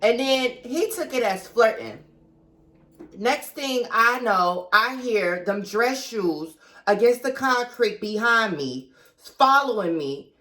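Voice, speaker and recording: Slow-talking woman telling a storytime. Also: a little high, expressive, a bit bright. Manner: chatty, confiding, dramatic retelling, talks to viewers as girl and baby. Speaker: vlogger. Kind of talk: storytime vlog.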